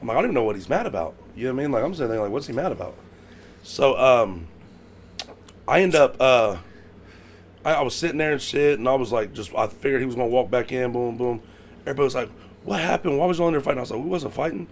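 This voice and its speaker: A fast-talking man in a mid-range voice who rambles through a story and checks in with his listeners as he goes. A faint hiss sits under the recording. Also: medium pitch, expressive. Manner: rambling, fast, keeps saying "you know what I mean". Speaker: podcast co-host. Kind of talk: casual storytelling chat.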